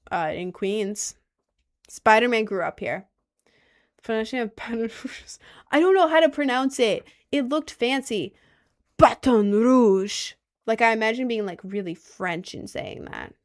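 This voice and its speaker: A young woman hosting a casual livestream, answering her chat in a rambling, giggly way and often repeating herself. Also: medium pitch. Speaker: livestream host reading chat.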